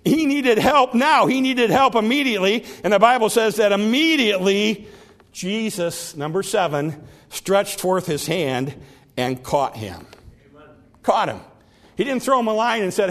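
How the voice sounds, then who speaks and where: A man's voice: high-pitched, animated, moderate pace, fairly bright tone. A middle-aged man preaching a sermon, counting off numbered points and acting out quoted speech with rising emphasis.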